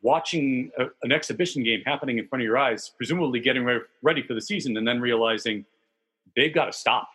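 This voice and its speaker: A man hosts a casual baseball podcast, and his voice has a husky, breathy texture. He talks in a chatty, enthusiastic way and keeps things loose with the occasional swear word. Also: medium pitch, quick pace, fairly bright tone. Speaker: podcast host.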